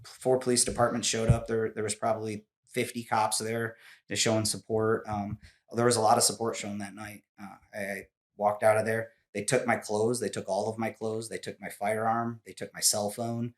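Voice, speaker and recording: A man's voice: lowish voice, level tone, moderate pace. A man in his forties, a podcast guest, telling a personal story in casual interview talk, candid and emotional, with many restarts.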